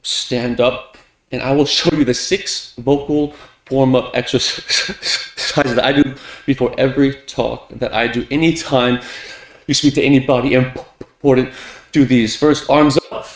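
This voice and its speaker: Echoey man reciting a speech, stuttering. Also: unhurried. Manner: stutters, repeating first sounds of words; lively, with big shifts in loudness and pitch for emphasis. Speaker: speaker reciting a famous talk. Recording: echoey room.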